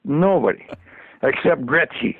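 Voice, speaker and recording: A man's voice: fairly high pitch, expressive, measured pace, breathy edge, no room sound. An older man, a former hockey trainer, telling stories and chuckling often as an interview guest. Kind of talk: anecdotal storytelling. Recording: tinny dry phone line.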